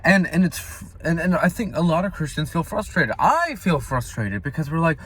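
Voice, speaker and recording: A young man vlogging a personal faith reflection, earnest and confessional, now and then flaring into loud, impassioned outbursts. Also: a little high, sing-song, moderate pace, few pauses, breathy edge.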